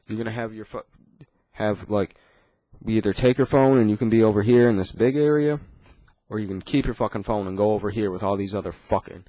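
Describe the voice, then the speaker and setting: A man with a lowish voice rants in a loose, casual way, cursing nearly every line and restarting his sentences. The sound is dry, with no room echo. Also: a little mellow. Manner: swears constantly, rambling with restarts. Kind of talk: casual profane rant.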